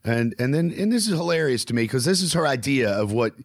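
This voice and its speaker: A man's voice: medium pitch, fast talker, dry recording. Rambling man spinning comic stories, dry mic. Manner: animated, acts out voices in his anecdotes. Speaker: comedian and podcast host.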